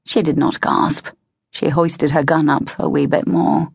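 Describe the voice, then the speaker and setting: A woman narrating an audiobook in a measured, expressive way, close to a studio mic. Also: low-pitched, vocal fry, husky, dry recording. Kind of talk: scripted narration of a historical romance.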